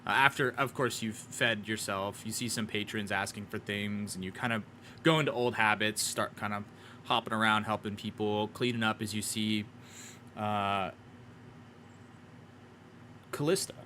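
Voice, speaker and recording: A man narrating a tabletop game as game master in a relaxed way, with many fillers and restarts. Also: lowish voice, normal speed, pauses often, slight background noise.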